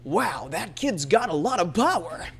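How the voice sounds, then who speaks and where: A woman's voice: on the low side, big pitch swings, measured pace, fairly bright tone, voice pushed up, heavily acted. A woman voicing a jovial older male mentor, speaking roundly from the back of the throat.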